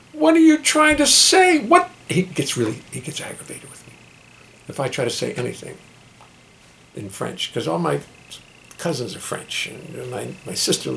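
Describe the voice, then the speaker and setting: Wry, gravelly man chatting between songs. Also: a little hiss or hum. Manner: rambling, wry, self-deprecating asides. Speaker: singer-songwriter and bassist. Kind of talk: live-streamed studio chat and song. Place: home music studio. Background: his own bass and guitar playing.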